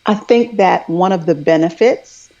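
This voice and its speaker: Guest, woman, middle-aged, low pitch, earnest storyteller; muffled video-call audio. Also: a little slow, mellow. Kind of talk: casual conversation over a live video stream.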